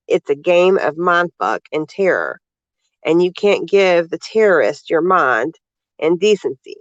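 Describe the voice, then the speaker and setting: A man with a fairly high voice reads other people's posts aloud and cuts in with sarcastic, indignant remarks. The audio is dull and lo-fi, with a dry, close sound. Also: no room sound. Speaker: vlogger. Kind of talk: reading out social media posts with commentary.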